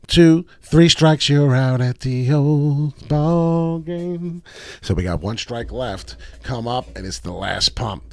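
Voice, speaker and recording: Excitable, profane man running a chart livestream. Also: on the low side, dry recording, clean studio sound. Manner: excitable, profane, reads chat aloud. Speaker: crypto livestream host. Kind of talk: casual livestream chart analysis.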